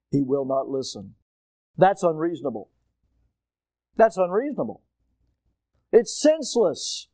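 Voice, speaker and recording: A middle-aged male preacher telling a personal story in a sermon, animated, moving from quiet asides to loud shouting, his throat strained. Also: high-pitched, no echo.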